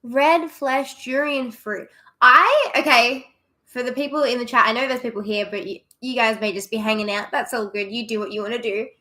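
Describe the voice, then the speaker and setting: Bright, giggly Australian woman streamer. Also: on the high side, moderate pace. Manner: chatty, giggly, self-deprecating. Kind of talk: casual livestream chat with viewers.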